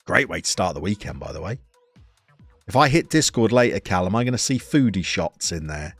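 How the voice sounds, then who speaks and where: A man, live-streaming a football game, reading out viewers' messages and commenting on the match in a chatty, playful way with sudden bursts of excitement. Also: low voice, a little fast, vocal fry, breathy edge, no echo, faint music behind. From England.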